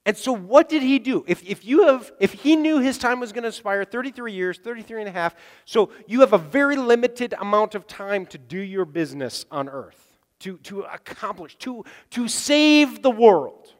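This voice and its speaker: High-voiced male preacher in reverberant hall. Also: moderate pace. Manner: animated, acts out voices in quotes, drops to near whisper. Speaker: pastor. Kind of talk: sermon.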